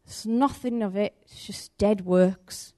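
Woman giving an informal, anecdote-driven sermon at a natural middle pitch. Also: takes it slowly. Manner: animated, conversational, acts out the story's voices. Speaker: preacher. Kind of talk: sermon with storytelling.

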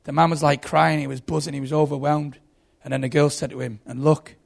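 A man's voice: a little high, fast talker, vocal fry. A man preaching a sermon, telling stories with dramatic buildups. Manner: animated storytelling, dramatic buildups.

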